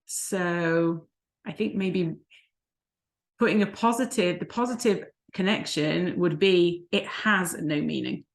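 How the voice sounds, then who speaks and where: A woman's voice: fairly low pitch, slow, vocal fry. A woman, a life coach co-hosting a vlog, telling stories in casual chat and laughing often. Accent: non-American, unplaced. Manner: chatty storyteller who laughs often.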